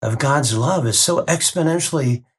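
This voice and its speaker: A man speaking as an interview guest, giving earnest testimony in a halting way with frequent restarts. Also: fairly high pitch, a little hiss or hum. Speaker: guest sharing a near-death experience.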